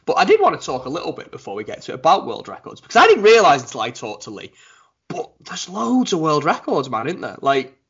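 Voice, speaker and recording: A high, bright man co-hosting a podcast in loose, jokey banter. His voice is slightly husky and swoops all over. The sound is dull and lo-fi, like online call audio. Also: quick pace. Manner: animated, jokey, rambling. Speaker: podcast co-host. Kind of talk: casual banter.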